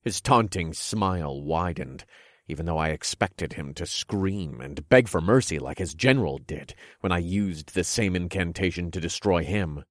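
A man giving dramatic, steady first-person audiobook narration. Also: sits low, normal speed, no room sound, studio quality.

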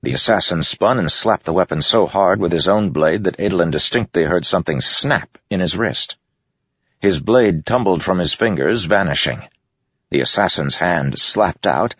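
Guy narrating a fantasy audiobook, very deep and husky, dry close sound, bit muffled. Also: a bit bright, no echo.

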